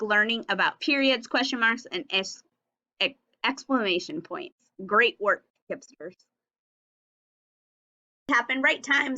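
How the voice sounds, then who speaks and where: A woman teaching a recorded phonics and punctuation lesson for young children, speaking slowly and enunciating each word and sound clearly. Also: fairly high pitch, pushed and bright, muffled recording.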